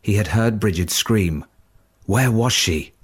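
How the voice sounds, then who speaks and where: A dark adventure tale is read by a man whose voice is low and husky. He takes it slowly and steadily in a measured audiobook style, giving every line room to settle.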